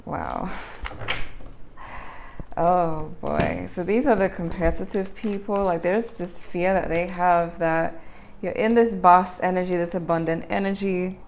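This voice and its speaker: A woman talking through a casual tarot reading for her viewers. Her voice sits slightly low, and she rambles in a chatty way, often correcting herself and laughing between thoughts. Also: steady tone, unhurried, hardly any pauses, a little mellow, a little hiss or hum. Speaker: tarot reader.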